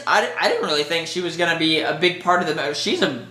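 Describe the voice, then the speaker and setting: A man giving an excited, rambling movie review, full of fillers and restarts. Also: fairly high pitch, fast, echoey room.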